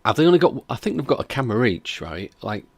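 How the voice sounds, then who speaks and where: A man's voice: mid-range voice, sing-song, quick pace, husky, no echo. A man hosting a reaction stream, chatting casually and skeptically while reading out viewer comments. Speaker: reaction video host.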